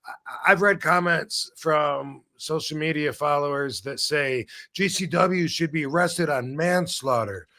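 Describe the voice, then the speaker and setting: A middle-aged man hosting a casual livestream chat, talking bluntly and rambling through animated stories. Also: fairly high pitch, a little slow. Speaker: podcast host. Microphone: video call.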